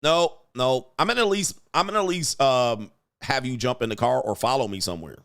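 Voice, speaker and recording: Male live-stream host, mid-pitched, loose and jokey, reads donor messages aloud. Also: animated, fairly quick, a bit bright. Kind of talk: casual live-stream commentary.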